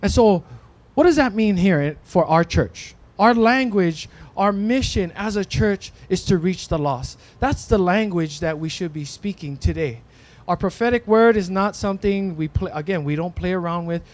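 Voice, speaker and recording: A man's voice: high-pitched, normal speed. A man, preaching a casual sermon in a church, thinking aloud with restarts and a frequent "right?". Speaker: pastor. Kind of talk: conversational sermon. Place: church in Hawaii.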